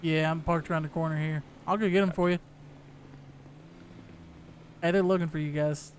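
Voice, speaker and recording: A man's voice: a little high, steady tone, normal speed, slight background noise. A man playing an arms dealer in a game roleplay, chatting casually with laid-back joking asides to his viewers. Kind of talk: casual gameplay commentary and in-character talk.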